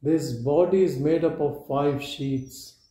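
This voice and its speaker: A man giving a meditative spiritual talk at a live gathering, in slow, measured short statements with long pauses. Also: on the high side, warm tone. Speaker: spiritual teacher. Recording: roomy echo.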